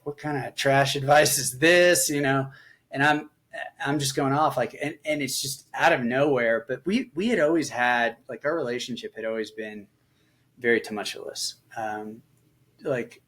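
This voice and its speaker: A man's voice: mid-range voice, fairly bright tone. A middle-aged man, a veteran guest on a podcast, telling personal stories candidly and reflectively, with lots of filler words and small voice shifts when he quotes people. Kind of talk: personal storytelling in a casual conversation.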